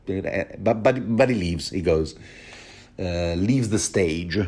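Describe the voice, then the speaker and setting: A man with a fairly low voice hosting a podcast of book commentary. He talks in a loose, chatty way, cracking jokes and wandering into asides. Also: takes it slowly, darkish tone. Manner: jokey, chatty, full of asides. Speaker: podcast host. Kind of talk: casual chapter commentary.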